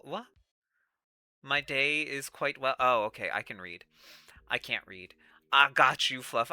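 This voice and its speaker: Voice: medium pitch, expressive, a little slow, bright, forceful tone, no room sound. A live game streamer reading a dating game aloud and playfully answering chat, laughing at their own jokes.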